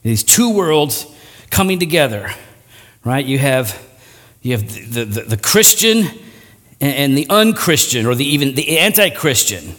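A man preaching a sermon, animated and self-deprecating, acting out quick voices mid-sentence. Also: medium pitch, big-room sound. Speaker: pastor.

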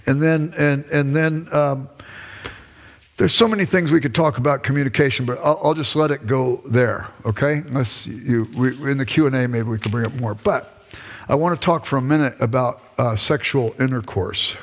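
The voice belongs to an older man, a lecturer and former pastor, with a mid-range pitch and a normal speaking speed. His lecture to the class is conversational, sprinkled with acted-out lines between him and his wife. The hall gives the recording a long reverb.

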